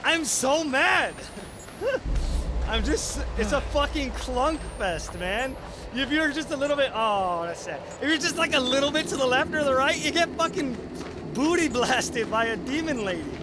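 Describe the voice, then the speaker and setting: A man doing excitable horror game commentary, loud and full of swearing. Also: very high-pitched, a little slow, background noise. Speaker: gaming video creator.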